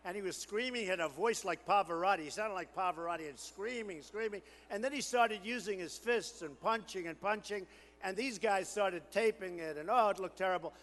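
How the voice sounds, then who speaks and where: A man giving a campaign rally speech, boastful and repetitive, riffing to the crowd and building to shouted crescendos. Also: high-pitched, a little fast, in a large hall. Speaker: political candidate at a rally.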